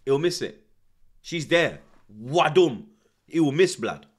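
A man's voice: a little high, very animated, takes it slowly, slightly rough. A man hosting a football watchalong, ranting with heavy swearing and street slang. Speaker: host.

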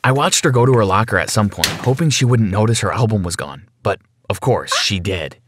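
A man narrating a scripted first-person story for an animated channel, in an expressive, dramatic way. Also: on the low side, a little fast, dry recording, studio quality.

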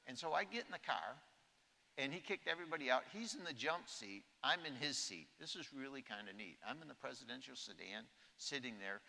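A man's voice: medium pitch, lively intonation, fairly quick, creaky, sharp tone. Older man telling stories in an echoey hall. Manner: humorous storytelling, acts out quotes. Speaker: keynote speaker. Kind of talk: anecdotal keynote speech. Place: large conference hall.

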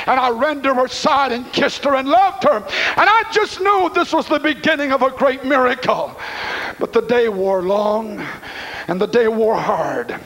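A middle-aged man preaching a sermon to a congregation, impassioned, dropping to a hush and then rising to shouts. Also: very high voice, rough recording. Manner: impassioned, swings from hushed to shouting. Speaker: pastor. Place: church congregation.

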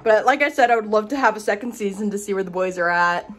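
A woman's voice: mid-range voice, fast. A woman vlogging from home in a casual, rambling rant, out of breath and emotional, with lots of "like". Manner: rambling, emotional, heavy use of "like".

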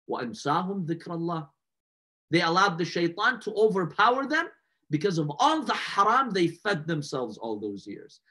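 A man giving a mourning sermon, telling the story slowly and with passion and putting rhetorical questions straight to his listeners. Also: a little high, fairly bright tone. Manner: impassioned, slow emphatic storytelling; addresses the audience directly with rhetorical questions. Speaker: religious lecturer.

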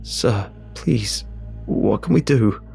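A man voicing a frightened homeless man who pleads in a hoarse voice. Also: lowish voice, animated, slow pace, mellow, soft background music, exaggerated voice. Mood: pleading.

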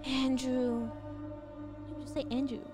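A woman streamer giving excitable, blunt, casual gameplay commentary. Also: sits high, takes it slowly, music in the background.

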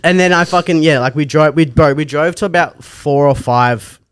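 A man's voice: a little high, normal speed, smooth, no room sound, clean studio sound. A young Australian man hosting a podcast, telling a long story in a casual, sweary way and acting out the voices. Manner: sweary, laughing, acts out voices in his stories.

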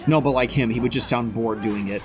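A man commentating a video game casually, excitable, swearing and tripping over his words. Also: mid-range voice, brisk. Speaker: let's play commentator. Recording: background game music.

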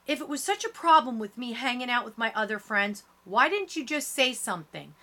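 A woman reading an audiobook, voicing a defensive junior-high girl who argues in a raised, sharp voice. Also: animated, fairly quick, heavily acted. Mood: angry. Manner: shouting, sharp retorts.

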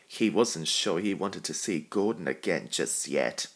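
A man narrating a children's storybook in a calm, even reading voice. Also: low voice, unhurried.

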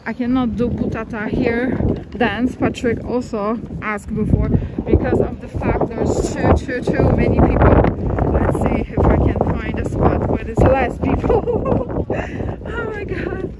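A woman's voice: on the high side, lively intonation, unhurried. A woman chatting casually on a live stream as she walks a busy city street, giggling often, on a handheld phone. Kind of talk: casual walking livestream. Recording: loud street noise outdoors.

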